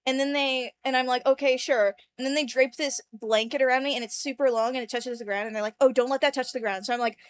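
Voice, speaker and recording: Brief: high-pitched woman, podcast co-host, animated dream storyteller who acts out quoted voices. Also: fast talker, hardly any pauses. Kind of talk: casual chat, telling a dream.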